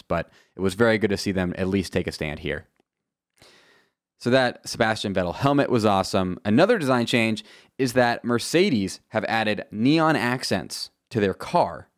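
A man's voice: lowish voice, no room sound, clean studio sound. A man hosting a podcast, giving casual commentary in a chatty, wry, self-assured way with lots of asides. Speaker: podcast host.

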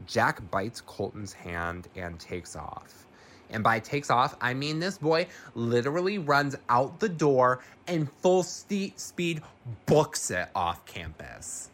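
This is a man walking listeners through a horror film in a loose, chatty recap. His delivery is unhurried, but his pitch jumps around with real animation as he acts out the characters' lines. He swears freely and laughs easily as he goes. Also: bright, forceful tone. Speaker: movie recap host.

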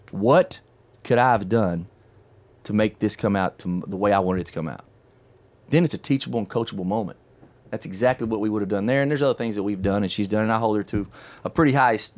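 A middle-aged man hosting a casual chat, telling a long story in an animated, chatty way and laughing often. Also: on the low side. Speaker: podcast host telling a story.

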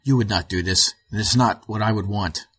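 A tired, anxious theoretician, read by a man, muttering his words in a low, husky voice. He is a storybook figure worn out by a year of searching. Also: moderate pace, a bit bright.

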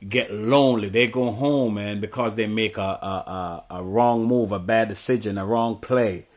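A man who referees games, talking sincerely on a podcast in a halting way, often repeating words. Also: lowish voice, steady tone. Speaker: sports referee. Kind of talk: casual podcast chat.

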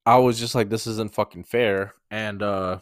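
A man's voice: fairly low pitch, steady tone, moderate pace, clear, resonant tone, no room sound, clean studio sound. A young man hosting a podcast, telling a work story in a rambling, casual way, swearing often and correcting himself mid-sentence. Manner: rambling, profane, restarts and self-corrections. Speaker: podcast host. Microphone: mouth-close microphone.

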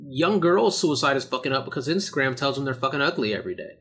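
A man's voice: mid-range voice, fast, a bit bright, breathy edge. A man on a casual group call from home, blunt and dismissive, swearing constantly. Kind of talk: casual profane group chat.

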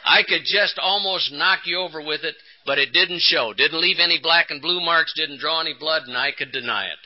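A man giving a personal recovery testimony at a conference, telling his story with rising emphasis and dramatic pauses. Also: a little high. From Texas. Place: conference hall. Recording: dull lo-fi 1980s tape.

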